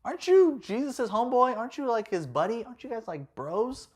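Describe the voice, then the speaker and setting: A man's voice: very high-pitched, big pitch swings, brisk, darkish tone, voice pushed up, heavily acted. A man voicing a nosy young guy who asks prodding questions in slang.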